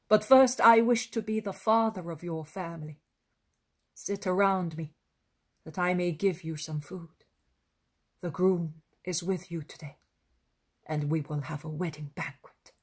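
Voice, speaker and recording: A calm and kindly male teacher, read by a woman, speaking slowly in a soft, very breathy voice. His words come out gentle and welcoming, a little lifted above the narration. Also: lowish voice.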